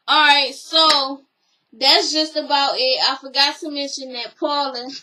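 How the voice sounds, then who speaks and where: Bright, high-voiced sassy woman. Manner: sassy, blunt, slangy commentary. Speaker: vlogger recapping a reality show. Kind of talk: casual chat.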